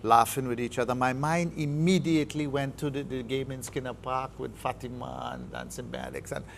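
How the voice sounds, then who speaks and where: A man's voice: medium pitch, fairly even intonation, a little fast, creaky, slight background noise. A man with a Trinidadian accent, a football coach giving an interview, speaking emphatically and repeating words as he builds his points. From Trinidad and Tobago. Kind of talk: studio interview.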